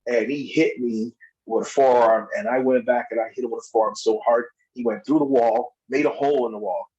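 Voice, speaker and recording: A man telling wrestling stories as a podcast guest, in a casual, animated way, acting out other people's lines in a raised voice and laughing often. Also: mid-range voice, fairly quick, muffled recording. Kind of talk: casual storytelling.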